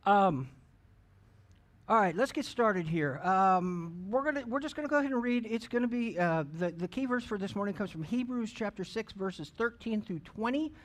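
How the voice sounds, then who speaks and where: A man's voice: high-pitched, animated, normal speed. A middle-aged man, an associate pastor in a church, praying and preaching in a folksy, joking way with many restarts. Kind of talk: church sermon and prayer. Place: church sanctuary.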